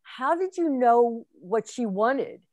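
A woman's voice: fairly high pitch, animated, slow pace, darkish tone, no room sound. A woman film instructor speaking in casual conversation, reflective and encouraging.

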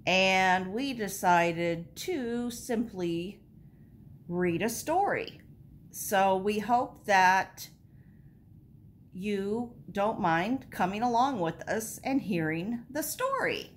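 A woman hosting a doll channel, reading a children's story aloud to camera in a gentle, lilting way. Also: medium pitch, lively intonation, extremely slow, a little hiss or hum.

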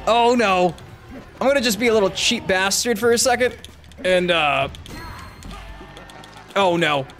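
A man giving let's-play commentary on a fighting game, excitable, swearing, shouting and laughing at the action. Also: sits high, normal speed, soft background music. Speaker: gamer.

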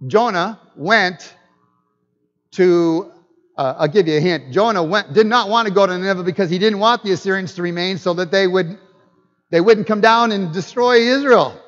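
A man's voice: high voice, moderate pace. A man preaching a sermon as a guest pastor. He jokes and puts questions to his listeners. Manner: animated, joking preacher who asks the audience questions. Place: church hall. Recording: dull lo-fi with long hall reverb.

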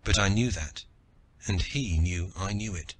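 A man narrating an audiobook in the first person with steady, forceful storytelling. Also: low voice, a little slow.

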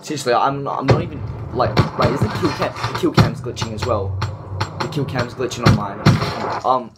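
This is a man talking through his own gameplay, his voice sitting at an ordinary middle pitch. He swears nearly every sentence and rants with frustration at his teammates and opponents. Loud game music and effects play behind him. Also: normal speed. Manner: swears constantly, frustrated ranting. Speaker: gamer. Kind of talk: gameplay commentary. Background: game music and sound effects.

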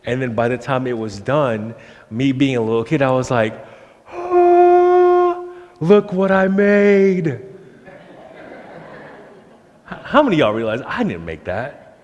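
A young man, a pastor, giving an animated sermon in a church and acting out the voices he quotes. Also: medium pitch, moderate pace, lo-fi sound. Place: church sanctuary. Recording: long church hall reverb.

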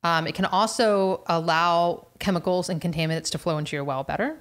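A woman's voice: on the low side, a little fast. A woman co-hosting a podcast as a home inspector, explaining things in a casual, chatty way with restarts.

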